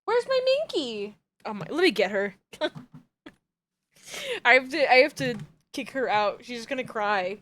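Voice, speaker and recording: A woman's voice: fairly high pitch, normal speed, long pauses, fairly bright tone. A woman streaming a game, chatting casually, laughing often and talking to her cat. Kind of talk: casual gameplay chat.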